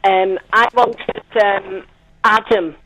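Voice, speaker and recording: A woman's voice: medium pitch, steady tone, slow, a bit bright, slight background noise, rough recording. A woman in her sixties on the phone with her son's radio show, chatty and giggly. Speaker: caller's mother on the phone. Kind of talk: casual phone chat.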